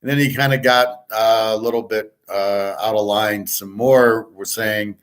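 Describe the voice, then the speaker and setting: A man's voice: lowish voice, fairly even intonation, unhurried, hardly any pauses, fairly bright tone. A middle-aged man telling a long work story in a blunt, rambling way that repeats itself. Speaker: podcast host. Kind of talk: casual storytelling monologue.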